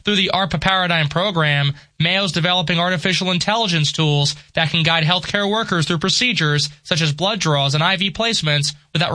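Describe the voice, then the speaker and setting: A man reading the radio news in a steady, crisp scripted delivery. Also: sits high, no room sound. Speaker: newsreader. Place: radio studio. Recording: dry close studio mic.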